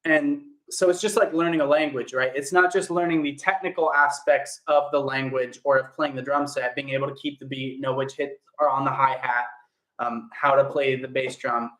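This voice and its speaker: A man's voice: mid-range voice, steady tone, normal speed, fairly bright tone. Upbeat chatty young man, echoey room. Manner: chatty and upbeat, greeting viewers by name. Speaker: actor hosting a livestream. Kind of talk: casual livestream chat answering viewer comments. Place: indoor home room.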